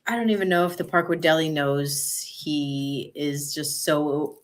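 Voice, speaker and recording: A woman's voice: low voice, a little slow. A woman co-hosting a casual podcast chat, tossing in dry, teasing asides. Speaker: podcast co-host.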